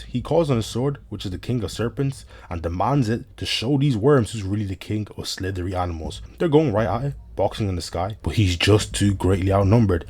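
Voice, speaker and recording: Brief: male recap commentator, low husky voice, rapid slangy comedic delivery. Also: a little mellow. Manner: slangy, joking asides to viewers. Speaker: anime recap narrator.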